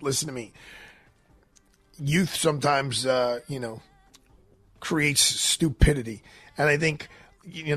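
A man's voice: on the high side, fairly bright tone, dry recording. A man hosting a talk radio show, giving emphatic opinions with many fillers and restarts.

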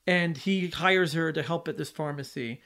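A high-pitched man, a podcast host, talks through a film plot at normal speed in relaxed, casual chat. He rambles, restarts and doubles back, and fills gaps with many fillers.

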